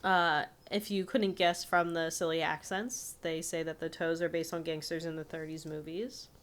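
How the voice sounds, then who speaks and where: A woman's voice: low voice, level tone, normal speed. A woman co-hosting a podcast, chatting casually about a cartoon and reading trivia aloud with frequent laughter. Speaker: podcast co-host.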